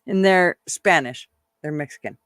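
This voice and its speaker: Excitable chatty woman, dry close sound. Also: low voice, normal speed, dry recording. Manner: chatty and excitable, laughs often. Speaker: channel host reading live chat. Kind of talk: casual livestream chat.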